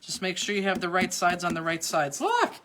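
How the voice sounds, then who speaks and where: A woman's voice: lowish voice, big pitch swings, fairly quick, a bit bright, a little hiss or hum. A middle-aged woman hosting a live card-making class, chatting and giving step-by-step instructions with teasing asides. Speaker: crafting class host.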